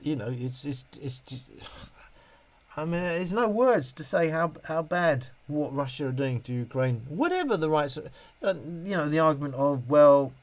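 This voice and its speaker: A man's voice: on the high side, lively intonation, a little slow. Rambling man on a live stream. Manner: rambling, self-interrupting, with many restarts. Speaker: live stream host reading viewer comments. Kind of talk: casual live stream chat.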